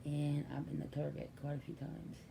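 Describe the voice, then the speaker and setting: A woman's voice: sits low, monotone, normal speed, gravelly, background noise. An older woman, a grandmother, telling family stories in a chatty, casual way. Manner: chatty, acts out quoted voices. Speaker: grandmother and caregiver. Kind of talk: casual storytelling vlog.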